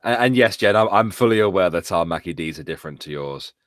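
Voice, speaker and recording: A man's voice: low-pitched, expressive, fast talker, a bit bright, dry recording, clean studio sound. A young British man chatting casually as co-host, stammering and jokey. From Britain. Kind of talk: casual chat.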